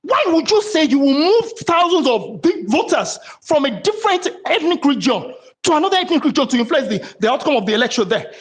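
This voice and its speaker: A woman's voice: sits high, very animated, brisk, few pauses. A woman pressing her point insistently with rhetorical questions in a live discussion. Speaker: participant in an online audio discussion.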